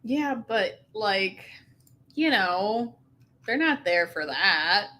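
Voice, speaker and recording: Slow, laid-back female co-host. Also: medium pitch, animated, pushed and bright. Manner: laid-back, brief replies, laughs often. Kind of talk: casual live-stream chat.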